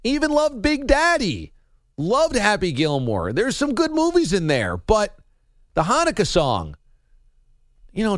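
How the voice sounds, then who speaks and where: Sports talk host dude, kinda high voice that bounces all over, jokey and wry, dry close mic. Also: male voice, wildly swooping pitch, measured pace, pauses often, dry recording. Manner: wry, joking, rattles off stats. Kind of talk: casual sports talk commentary.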